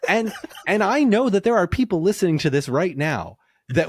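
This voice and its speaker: A man chatting casually as a podcast guest, excitable and laughing often, going off on tangents. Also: high-pitched, moderate pace, a little hiss or hum. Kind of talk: casual chat.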